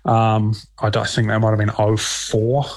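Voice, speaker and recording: A man with a New Zealand accent, a professional golfer answering interview questions in a relaxed, rambling way with many ums and restarts. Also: lowish voice, normal speed, no room sound.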